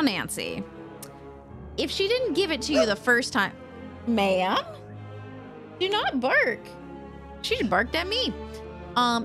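A young woman chats sarcastically over her gameplay, her pitch a little high and bouncing around a lot. Game music plays clearly behind her voice. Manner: chatty, sarcastic, swears freely. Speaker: let's play streamer. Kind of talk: casual gameplay commentary.

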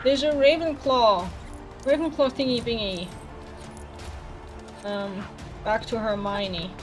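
A woman casually commenting on a video game as she plays, chatty and easily excited, talking to the characters on screen. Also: a little high, slow, music in the background. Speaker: let's play gamer.

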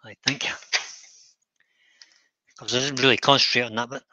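A man's voice: medium pitch, fairly even intonation, moderate pace, long pauses, pushed and bright, no room sound, poor audio. A Scottish man hosting a live stream while he works, chatting casually, thinking aloud and picking at his own work. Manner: thinks aloud, self-critical and easygoing. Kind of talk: casual chat while working.

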